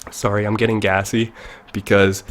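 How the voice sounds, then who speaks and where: A man's voice: fairly low pitch, little pitch movement, moderate pace, slight background noise. A young man chatting casually on a live stream, rambling into tangents and laughing often, with the mic very close to his mouth. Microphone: desk mic very close to mouth.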